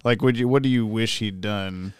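A young adult man co-hosting a podcast, chatting in a relaxed, rambling way with many fillers. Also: on the low side, moderate pace, clean tone, no room sound, clean studio sound. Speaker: podcast co-host. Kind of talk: casual chat.

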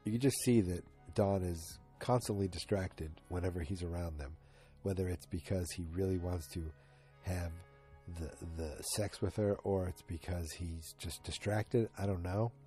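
A man's voice: sits low, fairly even intonation, normal speed, dark tone, soft background music. A sleepy, yawning man at home, casually rambling through a recap of a TV episode as a podcast host. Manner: rambling, chatty, full of asides. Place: at home in front of the TV.

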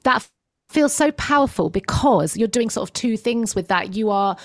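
A woman hosting an interview, speaking earnestly and haltingly as she searches for words. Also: medium pitch, dry recording, clean studio sound. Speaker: podcast host. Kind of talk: interview conversation.

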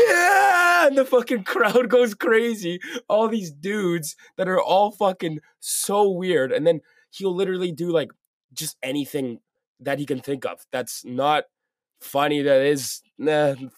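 A man's voice: a little high, a little mellow, no echo, studio quality. A young man co-hosting a podcast, telling a story in casual, slangy chat full of swearing. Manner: casual slangy, swears, says "bro" often. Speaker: podcast co-host.

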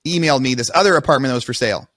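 A man's voice: medium pitch, rapid-fire, fairly bright tone, dry recording, clean studio sound. A man hosting a podcast, telling his own story in a casual, rambling way with frequent restarts. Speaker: podcast host.

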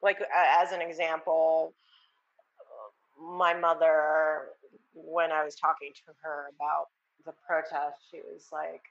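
A woman author, a guest on an interview podcast, talking casually and thoughtfully, with halting restarts. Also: deep voice, little pitch movement, vocal fry, lo-fi sound. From United States.

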